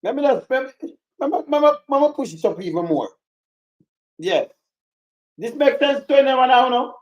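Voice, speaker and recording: A man's voice: extremely high pitch, roomy sound, low-quality recording. A Jamaican man chatting casually on a live stream, greeting viewers by name and joking in patois.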